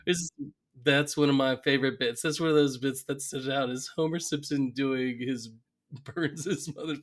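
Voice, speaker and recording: A man's voice: mid-range voice, steady tone, moderate pace. A man co-hosting a podcast in casual chat, animatedly retelling scenes and laughing often. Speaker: podcast co-host. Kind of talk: casual chat recapping an episode.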